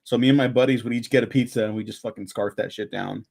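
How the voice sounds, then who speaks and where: A man's voice: medium pitch, fairly even intonation, fast, gravelly, a little mellow. A young man co-hosting a movie podcast, laid-back and chuckling. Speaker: podcast co-host. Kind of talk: casual movie commentary chat.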